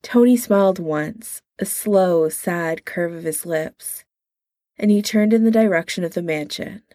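A woman reading a story aloud in a calm, measured way. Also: lowish voice, no room sound, clean studio sound. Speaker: narrator.

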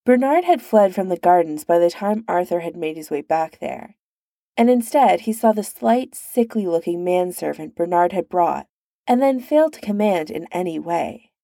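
A woman reading fiction aloud in a measured, even pace. Her voice is gravelly with vocal fry, low, and mellow, recorded dry and close. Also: dry recording. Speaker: narrator.

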